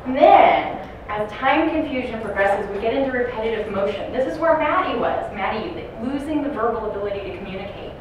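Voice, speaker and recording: A woman giving a dementia care training talk to a class, telling stories and acting out residents' shouts. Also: medium pitch, animated, a little fast. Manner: storytelling, acts out residents loudly. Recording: echoey room from far off, noisy.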